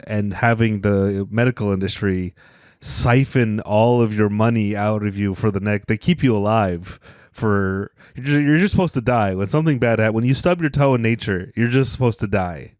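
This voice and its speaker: A man co-hosting a podcast, making dark jokes in a deadpan casual chat. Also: on the low side, normal speed, no room sound, studio quality. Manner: deadpan, darkly joking. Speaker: podcast co-host.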